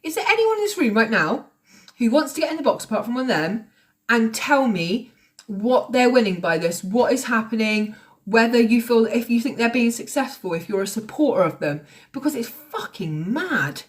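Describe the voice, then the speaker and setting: A woman's voice: on the high side, sing-song, normal speed. Sweary woman ranting on a livestream. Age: late 30s. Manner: confrontational, sweary, sarcastic. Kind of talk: heated livestream rant. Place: at home, recording on TikTok Live.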